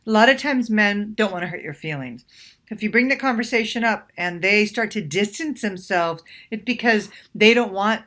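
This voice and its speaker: Bright-voiced woman dating coach. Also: mid-range voice, animated, normal speed. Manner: warm advice-giving, acts out playful sample lines. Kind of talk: direct-to-camera coaching talk.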